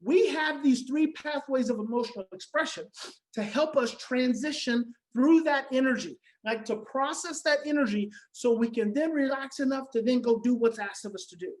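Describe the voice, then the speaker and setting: A woman's voice: high-pitched, normal speed, a little mellow, low-quality recording. A woman giving a teaching talk on parenting adopted children, emphatic and repeating her key phrases, now and then acting out everyday reactions. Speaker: conference speaker on adoption parenting.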